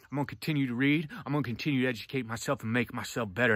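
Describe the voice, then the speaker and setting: A man reviewing a book in a passionate, preachy vlog rant that swings between loud outbursts and low, intense talk. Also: racing, hardly any pauses, dry recording.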